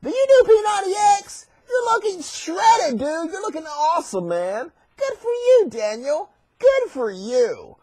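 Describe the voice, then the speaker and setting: Give me a man playing admiring lions who gush like gym bros, voice cracking high. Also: very animated, moderate pace, few pauses, a little mellow, no room sound. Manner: gushing bro compliments. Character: friendly admiring lions, male.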